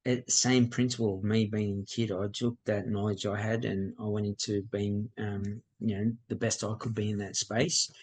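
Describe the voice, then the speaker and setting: Middle-aged man, husky and low, candid storyteller. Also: little pitch movement, normal speed, hardly any pauses, a little mellow, poor audio. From Australia. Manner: reflective, plain-spoken, acts out quoted dialogue. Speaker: podcast guest, mindset coach.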